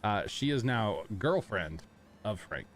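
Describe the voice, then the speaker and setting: A man hosting a casual gaming livestream, chatty and quick to laugh, greeting viewers by name as he plays. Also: lowish voice, big pitch swings, soft background music. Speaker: streamer host. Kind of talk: casual chat while gaming.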